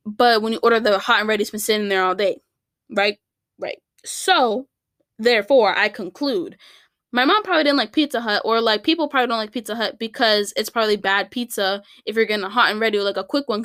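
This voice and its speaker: A young woman hosts her podcast in a loose, rambling chat, full of fillers and little self-corrections. Her voice sits a bit high and comes through dry and close on the mic. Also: fairly bright tone, no room sound. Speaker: podcast host. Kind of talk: casual solo podcast chat. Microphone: studio microphone.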